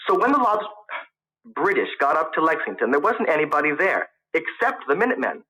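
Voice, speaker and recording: A man's voice: on the high side, very animated, a little fast, pushed and bright, rough recording. A man voicing an eager, nervous young student. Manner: eager, defensive.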